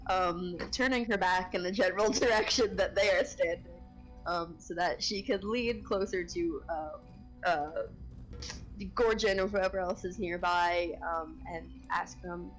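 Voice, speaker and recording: A woman's voice: on the low side, poor audio. Woman playing d&d, lots of um, describes what her character does, faint music. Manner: halting, many "um"s while describing actions. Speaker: player. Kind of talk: casual tabletop role-play.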